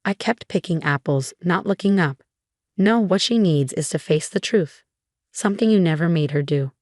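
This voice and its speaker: A woman reading a scripted first-person story in an even, measured way. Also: lowish voice, no echo, clean studio sound.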